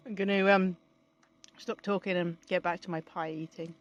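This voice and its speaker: A woman in a casual vlog, chatting away from inside her camper van. She talks loosely and chattily and swears freely, at an ordinary middle pitch. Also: huge pitch swings, takes it slowly, pauses often. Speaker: vlogger.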